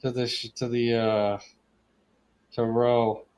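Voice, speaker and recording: A man's voice: mid-range voice, level tone, takes it slowly, a little mellow, clean tone, low-quality recording. A man co-hosting a live internet radio stream, laid-back, with dry remarks. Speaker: co-host. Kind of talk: casual live-stream chat.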